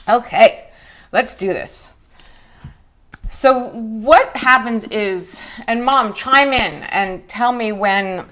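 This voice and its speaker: A woman in her forties hosting a live skincare chat, talking in an emotional, chatty way, her voice jumping high when she greets viewers. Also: a bit bright. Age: 40s. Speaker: beauty show host.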